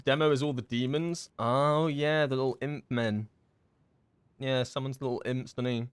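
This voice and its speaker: Male game streamer, chatty and rambling, mid-pitched, dry booth-close sound. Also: steady tone, clear, resonant tone, dry recording. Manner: rambling and chatty, with many fillers and quick laughs. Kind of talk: casual live-stream chat while gaming.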